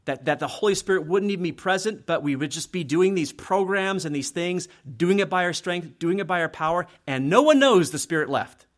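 A man's voice: high voice, lively intonation, brisk, few pauses. A middle-aged man preaching a sermon as a pastor, talking conversationally and often checking in with "right?". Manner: conversational, frequent "right?" tag questions.

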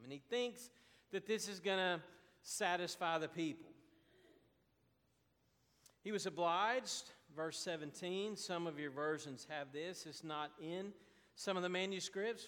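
A man preaching a sermon as pastor, slow and deliberate with emphatic pauses. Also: high-pitched, fairly bright tone, big-room sound.

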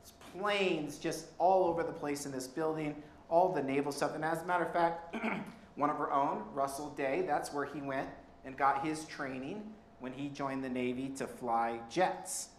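A man preaches in a church sanctuary, spinning a personal anecdote in a chatty, animated way. His voice sits a bit high for a man, and the sound carries a roomy echo with faint background noise. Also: moderate pace. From Colorado. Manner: conversational, animated anecdotes with laughs. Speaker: pastor. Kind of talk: sermon storytelling.

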